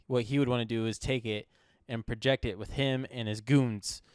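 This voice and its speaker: A man's voice: medium pitch, steady tone, moderate pace, a little mellow, clear, resonant tone, dry recording, studio quality. A man co-hosting a movie review podcast, chatting casually and joking, often laughing. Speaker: podcast co-host.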